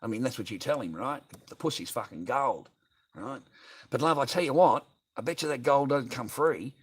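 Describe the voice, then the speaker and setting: A man's voice: mid-range voice, normal speed, breathy edge. An Australian man livestreaming, ranting bluntly and profanely as he reads viewer comments aloud and answers them. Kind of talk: ranting live stream chat.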